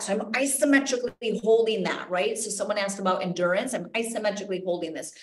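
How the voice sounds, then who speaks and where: Woman instructor, upbeat and chatty, mid-pitched, live webinar Q&A with counted exercise cues. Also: quick pace, few pauses. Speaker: podiatrist teaching a webinar.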